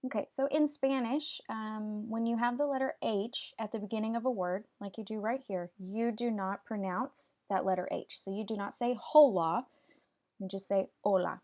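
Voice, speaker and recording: A woman's voice: medium pitch, fairly even intonation, moderate pace, hardly any pauses, highs cut off. A woman teaching a Spanish vocabulary lesson, patiently explaining each word step by step and having students repeat after her. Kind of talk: classroom video lesson.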